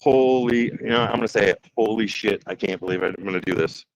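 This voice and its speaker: Fast-talking and lowish in pitch, a Detroit, Michigan man chats through a casual woodworking livestream, joking, reading viewer comments aloud and voicing his nerves mid-work. The recording is dry and rough.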